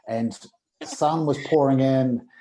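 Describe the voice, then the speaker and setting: A man, a podcast guest, telling a personal story in casual conversation and acting out the dialogue with lively energy. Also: medium pitch, slow pace, rough recording.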